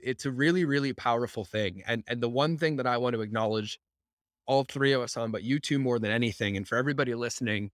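Brief: male podcast host, average pitch, dry close sound, animated and emphatic, drops swear words. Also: no echo. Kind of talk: casual chat.

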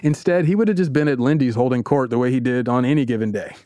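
An animated male storyteller in casual podcast chat, sounding relaxed and conversational. His voice is mid-pitched and recorded close and dry, with no room sound. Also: quick pace, dry recording. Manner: animated, conversational, says "like" a lot.

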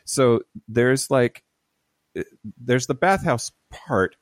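A man's voice: medium pitch, extremely slow, dry recording, clean studio sound. A man co-hosting a podcast remotely while sick with covid, rambling and repeating words as he explains. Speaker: podcast co-host. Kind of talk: casual chat. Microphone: remote recording.

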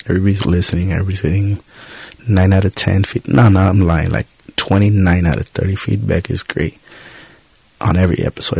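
A young man speaks in a low, husky voice, a loose, profane ramble full of self-doubt and swearing. He talks straight into a close mic in a dry room. Gravelly fry runs through his lines. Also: darkish tone, no echo. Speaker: podcast host. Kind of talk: casual solo podcast monologue.

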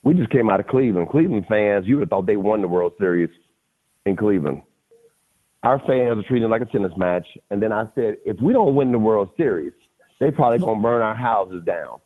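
Animated middle-aged man on a tinny line. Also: on the low side, brisk. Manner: animated, slangy, keeps addressing the host. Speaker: podcast guest. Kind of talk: casual storytelling. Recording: tinny phone-like audio.

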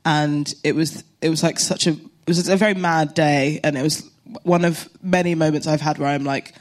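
A woman's voice: sits low, steady tone, normal speed. A British woman, a comedian and actor, chatting on a cinema stage as a live podcast guest, laughing easily and mocking herself. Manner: chatty, giggly, self-mocking.

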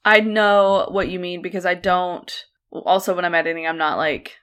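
A woman's voice: fairly low pitch, fairly even intonation, moderate pace, fairly bright tone, clean tone. Woman co-host, chatty and giggly, casual home podcast talk. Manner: giggly, chatty, uses lots of "like". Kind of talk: casual chat. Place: apartment.

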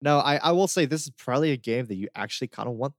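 A man's voice: medium pitch, animated, racing, no room sound, clean studio sound. A man co-hosting a casual game review chat, easygoing, with lots of fillers and laughter. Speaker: podcast co-host reviewing games.

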